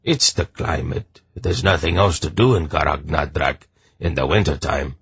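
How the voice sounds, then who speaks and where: A man's voice: extremely low pitch, normal speed, fairly bright tone, breathy edge, no echo, heavily acted. A man doing a chatty, shrewd rangy merchant. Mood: easygoing. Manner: offhand, chatty, casual. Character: rangy, easygoing male merchant, shrewd and talkative.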